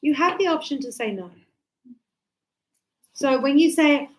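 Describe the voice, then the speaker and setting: Chatty, high-voiced woman teaching English. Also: big pitch swings, takes it slowly, pauses often, low-quality recording. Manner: chatty, acts out little scenes with sound effects. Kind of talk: casual classroom teaching.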